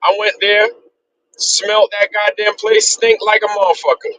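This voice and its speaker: Streamer, male, high bright voice, profane repetitive rant, faint background hiss. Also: little pitch movement, normal speed, poor audio. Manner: heated, profane, repetitive ranting. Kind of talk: ranting livestream monologue.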